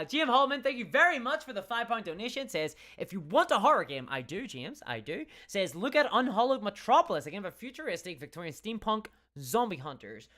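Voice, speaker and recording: A woman with a softened Northern Irish accent, chatting casually on a livestream, reading out viewer comments with frequent restarts and laughs. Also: mid-range voice. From Northern Ireland. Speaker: streamer.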